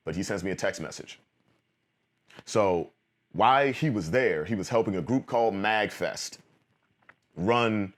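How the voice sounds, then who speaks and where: A man in his thirties telling a personal story in an animated vlog monologue, acting out old conversations. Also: low-pitched. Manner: animated, quotes friends in acted-out bits. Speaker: vlogger.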